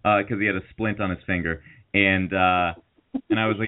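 A man's voice: lowish voice, fairly even intonation, moderate pace. Rambling man on a tinny line. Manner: rambling, many fillers and restarts, mocking impressions. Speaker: podcast co-host. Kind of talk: casual storytelling. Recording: tinny phone-like audio.

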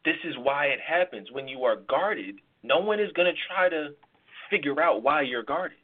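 A man's voice: a little high, lively intonation, normal speed. A man who hosts a podcast and works as a life coach, giving emphatic relationship advice, repeating words and explaining through analogies. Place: live podcast taping. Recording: tinny phone-like sound.

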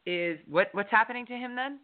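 A woman's voice: on the high side, a little fast. A woman radio host, asking enthusiastic questions with a lot of stumbling and repeating. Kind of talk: casual interview talk. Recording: phone-like narrow sound.

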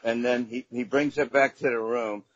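A man's voice: medium pitch, steady tone, moderate pace, a little hiss or hum. A middle-aged man from Staten Island, a guest comedian telling rambling, profane anecdotes in a casual podcast chat. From Staten Island, New York. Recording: dull lo-fi sound.

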